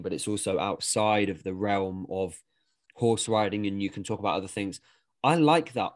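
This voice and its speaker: A man co-hosting a podcast, a coach talking casually and frankly with rambling asides and casual swearing. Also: lowish voice. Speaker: podcast co-host and weightlifting coach.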